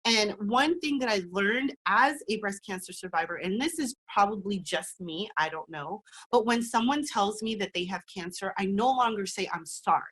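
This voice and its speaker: Middle-aged woman on a talk show, earnest and encouraging, keeps repeating lines to hit them home, mid-pitched voice. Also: a bit bright, breathy edge. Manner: encouraging, emphatic, repeats phrases for stress. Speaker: guest, cancer survivor and speaker. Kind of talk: earnest interview storytelling.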